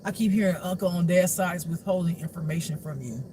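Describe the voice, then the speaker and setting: A man's voice: high voice, fast talker, mellow, slight background noise. A man giving a casual intuitive spiritual reading who laughs often, swears freely, and lectures his listeners directly. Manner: preachy, addresses the audience directly.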